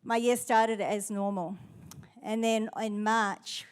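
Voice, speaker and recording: A woman's voice: medium pitch, little pitch movement, slow, smooth. A middle-aged woman pastor with a New Zealand accent, preaching a sermon in a chatty, storytelling way.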